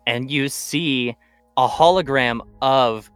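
A man's voice: medium pitch, slow pace, fairly bright tone, clean tone, no room sound, soft background music. A man narrating as game master of a tabletop role-playing game, in a casual manner.

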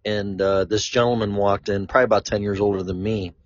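A man's voice: lowish voice, steady tone, fairly quick, no echo. A man from Chicago talking in a casual, rambling monologue, blunt and free with swearing. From Chicago, USA. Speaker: vlogger. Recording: dull lo-fi, dry sound.

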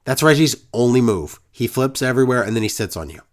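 A male wrestling podcast co-host talks quickly through a casual recap, keeping up a sarcastic, exasperated, fed-up rant. His middle-pitched voice rises and falls with lively inflection.

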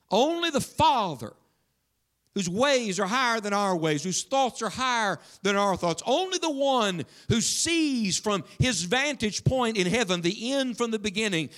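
A man preaching a sermon to his congregation in a church, emphatic and questioning, dropping suddenly to a hush. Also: high voice. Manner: speaks directly to the congregation with questions. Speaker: pastor.

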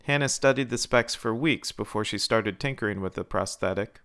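A man reading a short story aloud in a measured, scripted narration. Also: fairly low pitch, fairly bright tone, clean tone.

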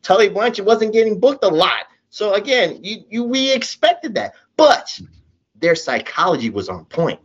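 A man with a higher-than-usual voice laying out his opinions on a podcast, animated and insistent, circling back with "again." The audio is slightly muffled. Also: normal speed, slightly rough. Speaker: podcast co-host. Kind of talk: casual wrestling podcast chat.

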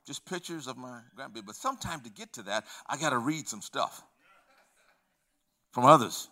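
An older man preaching a sermon as pastor, swinging between hushed, low passages and loud, emphatic ones, acting out conversations from his stories. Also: expressive, moderate pace, creaky.

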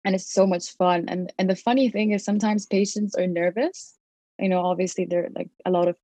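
A woman's voice: lowish voice, steady tone, a little fast, mellow, no echo. A young woman in her twenties, a dental student, chatting casually and telling a story full of fillers and quoted thoughts.

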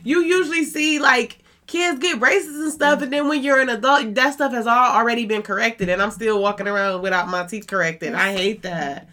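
A woman co-hosting a podcast in casual chat, animated and informal, often laughing. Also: fairly high pitch, moderate pace, hardly any pauses. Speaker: podcast co-host.

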